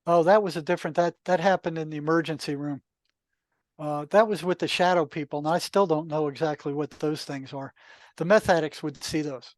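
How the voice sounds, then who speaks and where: An older man, a retired therapist, telling anecdotes in a relaxed, conversational podcast interview, full of asides. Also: fairly high pitch, a little fast, no room sound. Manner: relaxed, anecdotal, many asides and "you know". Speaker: podcast guest, retired psychotherapist. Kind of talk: casual storytelling.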